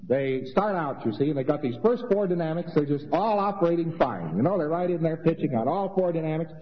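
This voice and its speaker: A man's voice: on the high side, lively intonation, a little fast, slight background noise. A man giving a rambling, conversational lecture with mocking asides. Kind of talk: informal lecture to an audience. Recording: dull lo-fi old recording in a reverberant hall.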